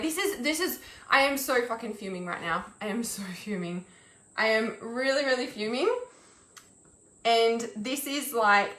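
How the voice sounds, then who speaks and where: A young woman with a high, bright, sharp voice vents her fury on a live stream. She swears and stops and restarts her sentences. The sound is echoey, as in a bare room. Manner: fuming, swearing, halting restarts. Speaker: intuitive healer and mentor, live streaming. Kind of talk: angry live-stream rant.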